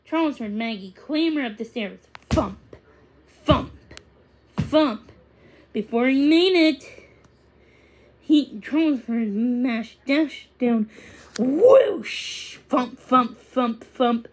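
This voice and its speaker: A woman reading a children's book aloud, unhurried, with small slips and restarts. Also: fairly high pitch. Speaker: story reader.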